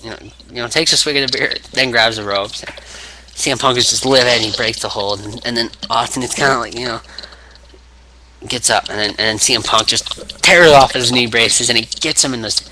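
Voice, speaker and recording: A man rambles through a casual vlog play-by-play, restarting sentences and stacking up fillers. His voice sits at an ordinary mid pitch. A steady hiss sits under the recording. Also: fairly quick. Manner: rambling, full of restarts and acted grunts.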